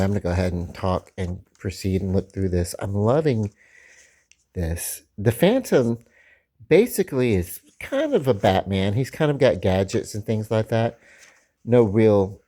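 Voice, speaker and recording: Rambling Southern man with a low, mellow voice. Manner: rambling, many fillers and restarts. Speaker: comic book vlogger. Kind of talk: casual rambling talk.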